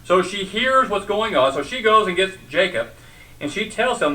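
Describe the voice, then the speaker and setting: Bright-voiced man preaching from afar. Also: high-pitched, lively intonation, moderate pace, recorded from a distance, low-quality recording. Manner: conversational Bible teaching with asides and questions to the congregation. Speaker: pastor. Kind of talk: sermon.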